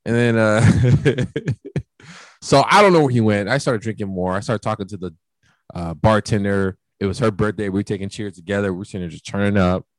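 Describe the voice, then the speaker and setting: A man's voice: lowish voice, brisk, dry recording. A young man casually telling a profane party story, acting out the lines of the people in it. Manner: animated, profane storytelling that acts out quoted lines. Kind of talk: casual chat.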